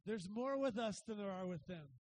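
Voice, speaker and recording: A high-pitched middle-aged man preaches with restless energy, pushing to loud bursts and then dropping to quiet asides. He keeps the congregation close with a conversational "right?". A faint hiss sits under the recording. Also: lively intonation, normal speed, rough recording. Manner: conversational, says "right?" often. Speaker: pastor. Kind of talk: sermon.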